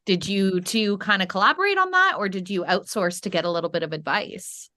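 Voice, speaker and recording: A woman's voice: medium pitch, lively intonation, brisk, bright, forceful tone, dry recording. A woman hosting a casual interview who asks questions and affirms her guests. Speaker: podcast host.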